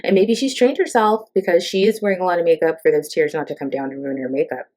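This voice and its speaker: A woman's voice: lowish voice, quick pace, darkish tone. A middle-aged woman hosting a casual, sarcastic ranting monologue, chatty and full of fillers and asides. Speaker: host.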